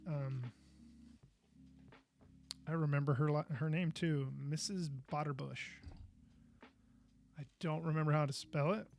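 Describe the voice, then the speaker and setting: A man's voice: a little high, fairly even intonation, measured pace, gravelly, pauses often, a little mellow, soft background music. A man hosting a live podcast, chatting casually and goofily while he builds, with frustrated outbursts. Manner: goofy, chatty, exclaims in frustration. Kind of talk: casual live-stream chat.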